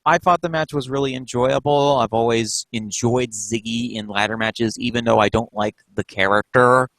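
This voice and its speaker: A man's voice: mid-range voice, fairly even intonation, moderate pace, a bit bright, dry recording, low-quality recording. A man co-hosting a casual wrestling podcast, talking with enthusiasm and breaking things down. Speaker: podcast co-host.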